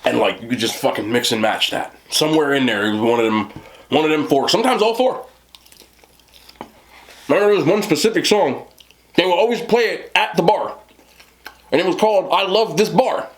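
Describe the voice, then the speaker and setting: This man's voice is a little high, with lively intonation, and he talks fairly quickly yet takes long pauses. In his thirties and New Jersey-accented, he rambles through a story on his eating show, laughing often and saying "you know what I'm talking about."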